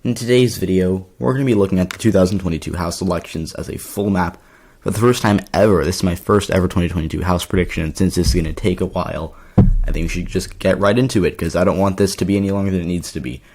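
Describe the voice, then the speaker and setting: A man with a slightly hoarse voice, talking casually through an election map with lots of fillers and restarts. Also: deep voice, fast talker, darkish tone. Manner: rambling, filler-heavy, self-correcting. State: slightly hoarse from yelling at a party. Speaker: political commentary YouTuber. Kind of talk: casual explainer commentary.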